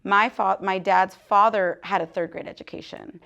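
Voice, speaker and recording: A woman in her thirties talking candidly to an audience at a book talk, animated, laughing often and dropping to hushed asides. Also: medium pitch, normal speed, gravelly, lo-fi sound. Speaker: guest author speaking at a book talk. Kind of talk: casual live talk to an audience.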